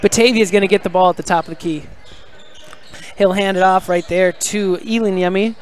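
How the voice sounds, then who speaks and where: A man doing live play-by-play of a high school basketball game from the gym, excitable and shouting on big plays, with casual chatty asides. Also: a little fast.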